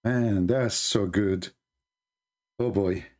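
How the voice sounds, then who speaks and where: A middle-aged man from the Middle East, hosting a live stream with a sarcastic, teasing monologue and drawn-out exclamations. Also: on the low side, darkish tone.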